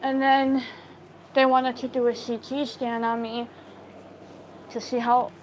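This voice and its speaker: A woman's voice: fairly high pitch, level tone, slow pace, slight background noise, poor audio. A woman telling a personal story in a casual storytime, rambling and acting out what everyone said. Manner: rambling, acts out quoted dialogue; filler-heavy retelling, lots of "I'm like".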